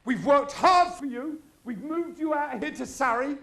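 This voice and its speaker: A man voicing a posh, outraged middle-aged mother scolding in a shrill, indignant tone. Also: unhurried, vocal fry, sharp tone, reverberant, full character voice.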